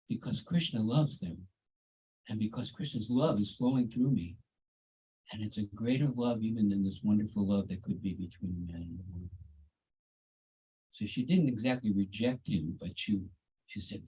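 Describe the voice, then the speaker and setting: A man tells a devotional story in a relaxed, chatty way, tossing in folksy asides. His voice is husky and sits at an ordinary pitch. The video-call sound is dull and lo-fi. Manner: conversational, folksy asides like "you know" and "cool, eh". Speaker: devotee giving a talk.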